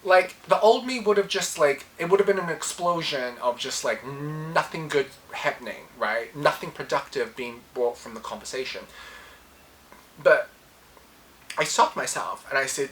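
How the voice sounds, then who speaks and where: A woman's voice: sits low, normal speed, a little hiss or hum, rough recording. A woman hosting a casual solo podcast, telling a personal story with animation and acting out her own past lines. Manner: reflective, self-coaching tone. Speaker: podcast host.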